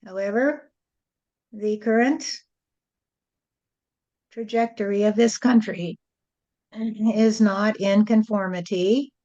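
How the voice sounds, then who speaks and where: A woman delivers a channeled spiritual address as a medium, moving at a slow, deliberate pace. Her tone is soft and mellow, and she preaches in rhyming, sing-song phrases. The recording sounds dull and lo-fi. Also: mid-range voice, steady tone.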